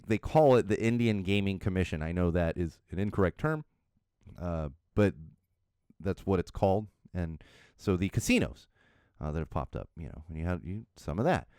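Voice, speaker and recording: Lively low-voiced middle-aged man. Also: smooth, no room sound, studio quality. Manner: animated, chuckling, self-deprecating anecdotes. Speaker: podcast host. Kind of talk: casual solo podcast storytelling.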